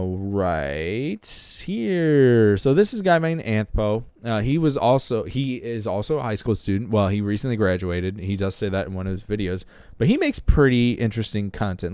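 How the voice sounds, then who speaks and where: Smooth low-voiced casual podcast host. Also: male voice, lively intonation, moderate pace, hardly any pauses, mellow, dry recording. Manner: rambling, with many fillers and restarts. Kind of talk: casual commentary while browsing videos.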